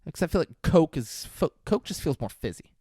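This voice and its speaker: A man's voice: a little high, big pitch swings, normal speed, warm tone, slightly rough, no room sound, studio quality. A man co-hosting a casual movie review podcast, teasing his co-host and jumping in to act out lines from the scene.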